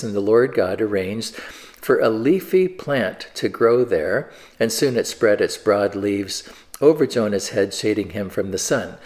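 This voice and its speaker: A man's voice: lowish voice, a little mellow. Conversational man giving a sermon. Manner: conversational, with fillers and repeated restarts. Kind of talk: discussion-starter sermon, reading scripture.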